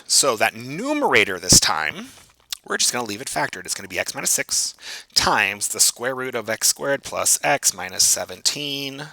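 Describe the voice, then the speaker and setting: Male math instructor, animated and bright, self-joking video lecture, dry close sound. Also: mid-range voice, no echo, low-quality recording. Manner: animated, self-joking, thinks aloud while writing.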